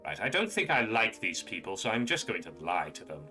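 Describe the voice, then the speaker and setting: A man's voice: lowish voice, very animated, brisk, pushed and bright, faint music behind. A man streaming a game and commentating casually, sarcastic and jokey as he talks back to the characters. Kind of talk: casual commentary over gameplay.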